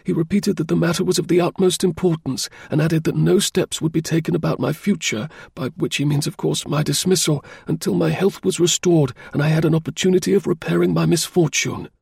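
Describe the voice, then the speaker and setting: A man voicing an anxious, ailing young male diplomat who speaks in a raised, pleading way, with a husky voice. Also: on the high side, fairly even intonation, brisk, few pauses, darkish tone, no room sound, studio quality, voice pushed up, full character voice.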